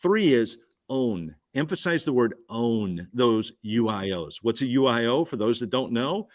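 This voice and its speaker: A man giving an energetic business pitch at a roundtable, punchy and repetitive, firing questions at the listener. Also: normal speed. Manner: punchy, repeats key phrases, asks listener questions. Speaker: guest speaker.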